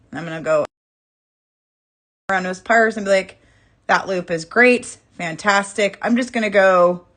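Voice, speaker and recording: Woman, live craft tutorial, chatty, self-deprecating, lowish voice. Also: fairly bright tone. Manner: chatty, laughs at herself, greets viewers. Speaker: jewelry-making instructor.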